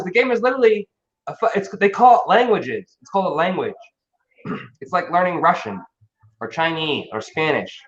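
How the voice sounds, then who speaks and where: A man talking casually on a live stream, animated, emphatic and full of swearing. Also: sits high. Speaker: crypto stream host. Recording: dull lo-fi stream audio.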